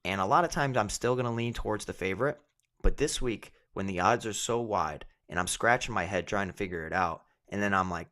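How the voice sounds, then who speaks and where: A man, a fighter and co-host, chatting casually about fight betting in a relaxed way, thinking aloud with many asides. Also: on the low side, fairly quick. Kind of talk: casual sports betting chat.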